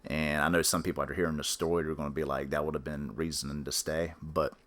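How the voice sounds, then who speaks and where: A man with a very low voice tells a personal story on a podcast. He rambles along in a matter-of-fact way and keeps circling back with fillers and restarts. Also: little pitch movement, quick pace, fairly bright tone. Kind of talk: casual spoken storytelling.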